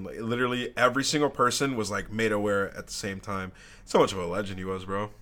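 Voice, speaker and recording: A man's voice: fairly low pitch, fairly even intonation, quick pace, hardly any pauses, fairly bright tone. A young man co-hosting a gaming podcast, chatting casually and telling stories with plenty of swearing. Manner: casual, profane, storytelling. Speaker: podcast co-host. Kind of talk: casual chat.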